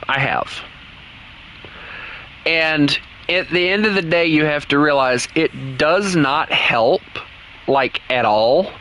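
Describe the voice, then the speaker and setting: Man, gaming streamer, fairly high voice, chatty, laughs a lot, game noise underneath. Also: slow, pauses often, pushed and bright. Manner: chatty, laughs often, talks to himself while playing. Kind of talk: casual gameplay commentary. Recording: noisy game audio underneath.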